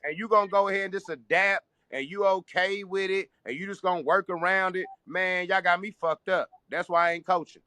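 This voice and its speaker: Podcast co-host, a man with a high, bright voice, hot-tempered and slangy, recorded dry. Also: steady tone, fairly quick, hardly any pauses, no room sound. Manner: heated, slangy, repeats himself. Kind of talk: casual debate chat.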